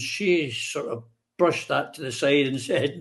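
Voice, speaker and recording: A man's voice: on the high side, animated, measured pace. Chatty man hosting a panel. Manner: chatty, rambling, sardonic asides. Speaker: host. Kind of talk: casual political discussion.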